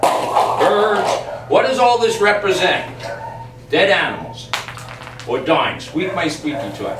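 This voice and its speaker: A man training a dog on camera, explaining each step calmly and emphatically and breaking off to speak to the dog. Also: high voice, slow. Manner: calm, emphatic, talks to the dog in between. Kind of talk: on-the-spot training demonstration. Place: yard and doorway of a house. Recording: distant, echoey camera audio with background noise.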